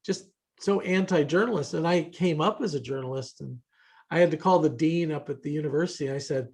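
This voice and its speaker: A man's voice: a little high, a little fast, vocal fry, a little mellow. A man hosting a casual roundtable, telling rambling anecdotes with hesitant restarts. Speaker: host.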